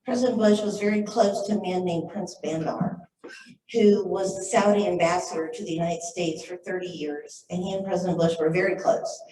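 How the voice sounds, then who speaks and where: A middle-aged woman telling a lively anecdote to a live audience at a library talk, acting out the voices of the people in it. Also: lowish voice, normal speed, recorded from a distance. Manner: lively anecdotal storytelling, acts out quoted voices. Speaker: author and speaker. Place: library event room. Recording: echoey room, voice picked up from afar.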